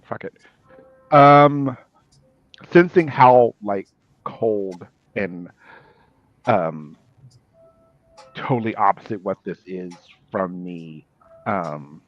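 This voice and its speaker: A man's voice: lowish voice, extremely slow, pauses often, dull audio, faint music behind. A man playing a tabletop game, thinking aloud and trailing off as he decides. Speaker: player. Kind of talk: casual chat while playing.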